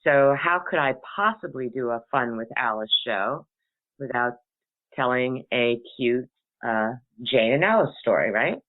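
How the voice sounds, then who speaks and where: Over a tinny, phone-like line, a middle-aged woman with a very deep, expressive voice hosts a radio talk show at a measured pace. She chats casually, rambles through stories and laughs a lot.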